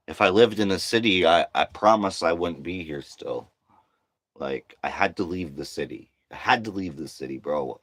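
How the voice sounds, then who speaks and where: Deep-voiced weary man venting. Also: fairly bright tone, no room sound. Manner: weary and heated by turns, profane, slangy. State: exhausted. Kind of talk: venting monologue.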